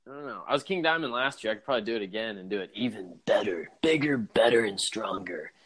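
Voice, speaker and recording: A man co-hosting a podcast in casual chat, relaxed, laughing often and calling people "dude". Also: lowish voice, very fast. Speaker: podcast co-host.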